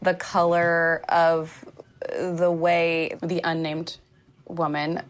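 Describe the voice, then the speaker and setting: A woman in a relaxed book-club podcast chat. Her voice sits a little low, and she talks loosely, with plenty of "like" and quick laughs. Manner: chatty, lots of fillers, laughs easily. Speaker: podcast co-host.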